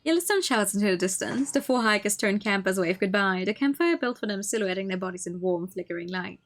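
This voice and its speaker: A woman streamer reading a visual novel aloud, with expressive narration and playful asides. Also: mid-range voice, fast.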